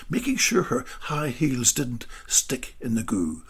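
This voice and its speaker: A man narrating a story slowly, dropping into whispered asides. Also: a little high, wildly swooping pitch, a bit bright, slightly rough. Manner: slow, drawn-out delivery with whispered asides.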